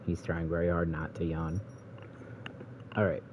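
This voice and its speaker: A man with a low, deep voice talks through a video game in a relaxed, rambling way, thinking aloud as he plays. The recording is dull and lo-fi, with a faint hiss underneath. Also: a little slow. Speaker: let's play gamer. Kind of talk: casual gameplay commentary.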